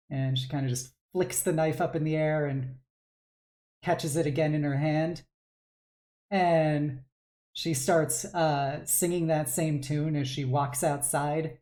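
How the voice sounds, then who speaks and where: A woman runs the tabletop game as game master, narrating at an unhurried pace. Her voice is low, and she fills her sentences with hesitant pauses. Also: steady tone, mellow. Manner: hesitant, full of fillers.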